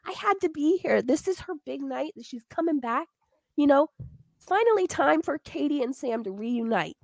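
A woman co-hosting a casual podcast, hoarse-voiced, animated and swearing freely. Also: sits high, moderate pace, dry recording. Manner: animated, swearing, laughing a lot. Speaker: podcast co-host.

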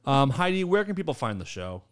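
A male podcast co-host with a lively, swooping delivery. He talks in loose casual chat, teasing and laughing as he goes. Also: medium pitch, brisk. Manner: teasing, laughs often, animated.

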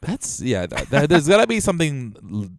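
A young man co-hosting a sports podcast, relaxed and agreeable, dropping bro and man into casual talk. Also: a little high, normal speed, dry recording, clean studio sound. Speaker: podcast co-host.

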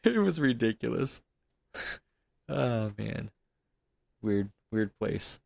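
A man's voice: mid-range voice, big pitch swings, slow, creaky, a little mellow, no room sound. A man co-hosting a casual home podcast, telling stories animatedly and laughing often, close to a desk mic. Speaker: podcast co-host. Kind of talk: casual chat. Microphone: desk studio mic.

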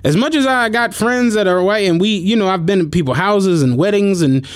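A young man with a high voice talks fairly quickly as a podcast co-host, spinning stories in a loose, casual chat. He's animated, acting out what people said and laughing often.

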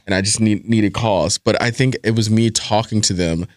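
Easygoing low-voiced radio man. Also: steady tone, normal speed, dry recording, clean studio sound. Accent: slight East Coast. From New Jersey. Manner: conversational, easygoing. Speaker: radio host, guest. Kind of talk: casual interview chat.

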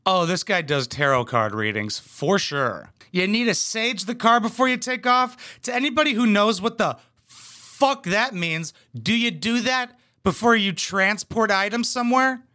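A man's voice: high voice, animated, unhurried, few pauses, sharp tone. A young man hosting a reaction commentary, crude, sarcastic and mocking as he talks over clips. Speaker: commentary host.

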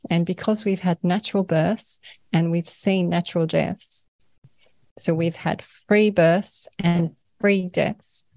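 An Australian woman speaks in a meandering, earnest way, laughing now and then as she talks. Her voice sits a little low. The sound is dry, with no room echo. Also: creaky, a little mellow. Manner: earnest, rambling, laughs often. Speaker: paranormal experiencer, guest. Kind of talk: conversational interview.

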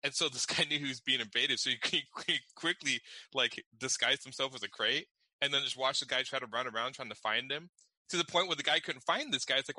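Bright-voiced man chatting casually. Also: medium pitch, fairly quick, no room sound. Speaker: podcast co-host. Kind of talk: casual chat.

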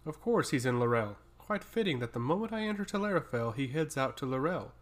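A man's voice: mid-range voice, big pitch swings, brisk, lightly acted. A man voicing a proud, powerful woman priestess who speaks in a curt, cutting way, in an audiobook reading. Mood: sarcastic.

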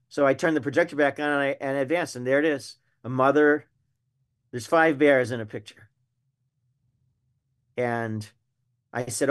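Older man, a mid-pitched, animated guest storyteller. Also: moderate pace, long pauses. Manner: animated anecdotal storyteller, emphatic. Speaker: retired wildlife biologist guest. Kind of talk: storytelling in a podcast interview.

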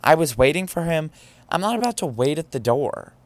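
A man's voice: fairly high pitch, sing-song, brisk. A young man hosting a podcast, telling a personal story in a candid, profane way with dramatic exclamations. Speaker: podcast host. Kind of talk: casual storytelling monologue.

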